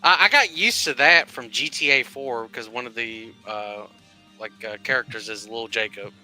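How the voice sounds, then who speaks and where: A man with a Tennessee accent jokes in a casual group chat, his voice very bright and forceful. He drops crude asides. Faint music plays underneath. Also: medium pitch, normal speed.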